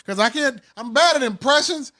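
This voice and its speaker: High-voiced joking young man. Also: expressive, moderate pace, sharp tone. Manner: loose, joking, laughs a lot, profane. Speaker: podcast co-host. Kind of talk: casual chat.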